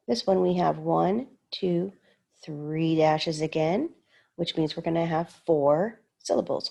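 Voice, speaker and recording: A woman's voice: low voice, slow, creaky, mellow. A woman teaching a recorded lesson, carefully sounding out words syllable by syllable. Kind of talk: slow recorded lesson walkthrough.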